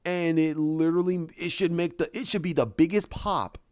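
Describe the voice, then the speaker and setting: A man hosting a podcast, eagerly retelling a story in a fast, animated way with frequent restarts. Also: a little high, clean tone, dry recording. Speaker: podcast host. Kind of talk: excited casual retelling. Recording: dull, dry lo-fi audio.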